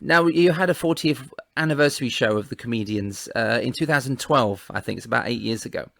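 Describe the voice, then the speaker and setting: A man's voice: medium pitch, brisk, vocal fry, fairly bright tone, slight background noise. A man hosting an interview, laughing often and prompting his guest with encouraging questions. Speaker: podcast host interviewer. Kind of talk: friendly interview chat.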